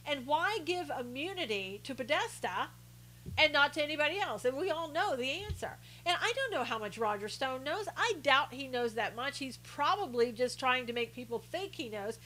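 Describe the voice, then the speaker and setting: Lady on a live stream, bit high voice, rambly chat, says hi to viewers. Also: expressive, normal speed, pushed and bright, a little hiss or hum, rough recording. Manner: chatty, reads viewer comments aloud, many restarts. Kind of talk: casual political commentary.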